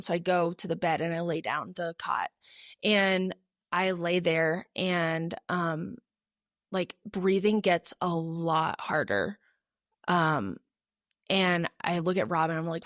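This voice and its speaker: Chatting casually with plenty of fillers, a young adult podcast co-host recounts something from her own life. She speaks in a lowish voice, unhurried. The sound is dry and clean, like a studio.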